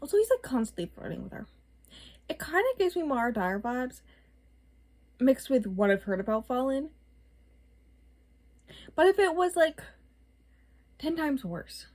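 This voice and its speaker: A woman's voice: high-pitched, unhurried, pauses often. A young woman vlogging a casual, exasperated book rant, with lots of "like" and "um". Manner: animated, exasperated, lots of filler words. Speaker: book reviewer.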